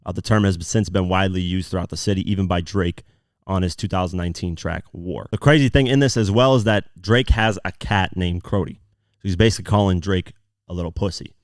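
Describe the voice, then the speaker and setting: A podcast host with a very low voice walks through song lyrics bar by bar, stopping often for fillers as he explains. The sound is dry and close, with little room around it. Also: a little fast, no room sound. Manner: breaks down lyrics line by line, frequent fillers. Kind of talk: casual podcast commentary.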